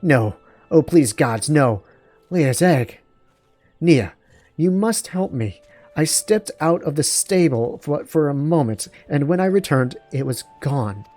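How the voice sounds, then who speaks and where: A frantic stable keeper from a fantasy video game, read aloud by a man in a slightly raised voice. The delivery is pleading and anxious, with a soft, mellow tone. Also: fairly high pitch, expressive, slow pace, soft background music.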